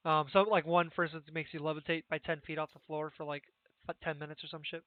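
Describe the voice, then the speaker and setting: A man's voice: fairly high pitch, little pitch movement, fast, dry recording. A young man rambles through his game-master duties in a loose, filler-heavy way, his slightly raised voice coming through a thin, phone-like voice-chat line. The sound is dry and close. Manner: casual, rambling, many fillers and restarts. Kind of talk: running a tabletop game over voice chat.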